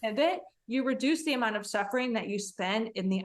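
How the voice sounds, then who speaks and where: A woman's voice: fairly high pitch, expressive, fast. A woman hosting an interview, speaking earnestly and reflectively from her own experience. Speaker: podcast host.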